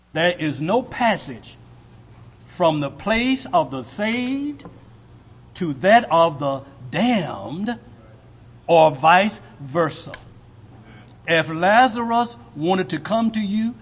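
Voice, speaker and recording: A man preaching a sermon with a husky voice, asking the congregation rhetorical questions. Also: high voice, sing-song, slow, long pauses. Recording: long hall reverb.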